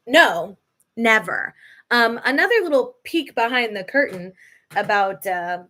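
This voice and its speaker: A woman's voice: medium pitch, fairly bright tone. A woman hosting a live podcast Q&A, chatty and emotional, laughing often as she talks. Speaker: podcast host. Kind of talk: live Q&A chat.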